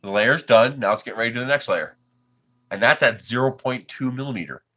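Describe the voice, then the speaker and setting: A man's voice: mid-range voice, quick pace, fairly bright tone. A man from the United States hosting a 3D printing livestream, chatting casually with his viewers and chuckling often.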